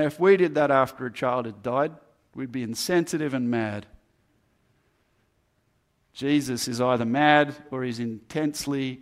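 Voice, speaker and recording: A man preaching a sermon, earnest and building emphasis through repeated phrases. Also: mid-range voice. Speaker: pastor.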